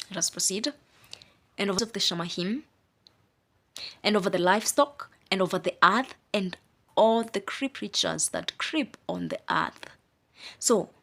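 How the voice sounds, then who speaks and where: A medium-pitched, fairly bright female voice leads a Bible study. Her spoken teaching stresses single words and repeats phrases, with casual asides mixed in.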